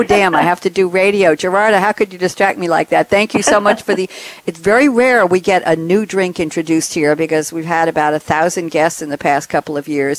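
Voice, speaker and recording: Picture a woman hosting a radio talk show, gushing over her guests and chatting freely with a laugh never far off. Her voice sits a little low, and the recording is dry and close, with no room around it. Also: dry recording. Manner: effusive and chatty, laughs often. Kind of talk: lively hosted panel talk.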